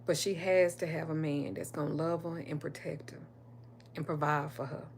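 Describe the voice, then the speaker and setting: A woman's voice: low voice, fairly even intonation, moderate pace, vocal fry, slight background noise. A middle-aged woman, telling personal stories in a candid, emphatic way on a casual livestream, and swearing freely. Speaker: spiritual reader and livestream host.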